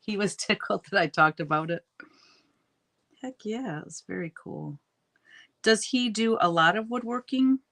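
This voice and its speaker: A woman's voice: medium pitch, a little slow, long pauses, a bit bright. A middle-aged woman hosting a casual live stream, greeting viewers and chatting while she crafts, a bit sniffly from allergies. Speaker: livestream host chatting with viewers.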